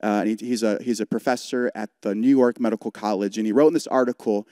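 Young guy preaching, warm mellow voice, chatty and earnest, lots of "like", dry close sound. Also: on the low side, steady tone, quick pace, no room sound. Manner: earnest, conversational, frequent "like" fillers. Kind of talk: storytelling sermon. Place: church service broadcast.

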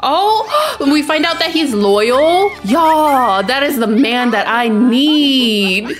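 A young woman narrating her game in casual commentary, with a fairly high voice that swoops up and down. She talks straight to her viewers in an animated way and laughs often. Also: takes it slowly, music in the background. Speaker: let's play host.

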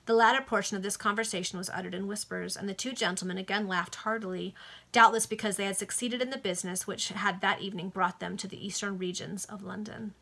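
A woman reading a novel aloud in a steady, expressive way over a video call. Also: mid-range voice, fast, gravelly. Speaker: reader.

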